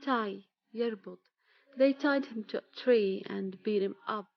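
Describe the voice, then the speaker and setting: A woman teaching vocabulary, reading single words and example sentences in a slow, measured way. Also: medium pitch, vocal fry, dry recording, lo-fi sound. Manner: slow, measured reading, one word at a time.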